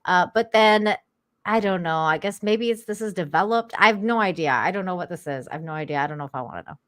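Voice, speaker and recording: A woman's voice: lowish voice, fast talker, fairly bright tone, no room sound. A woman from Canada, a guest on a talk stream, chatting casually and rambling with many restarts. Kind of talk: casual chat.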